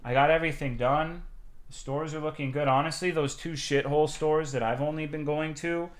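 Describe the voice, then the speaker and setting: A young man chatting on a livestream, telling a story in a swearing, animated way with sudden loud outbursts. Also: on the high side, fairly quick. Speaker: streamer. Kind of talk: casual stream chat.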